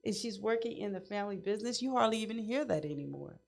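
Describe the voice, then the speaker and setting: Woman, community radio host, chatty and encouraging, mid-pitched. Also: expressive, quick pace, creaky. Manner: upbeat, affirming, chatty. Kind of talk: casual call-in interview.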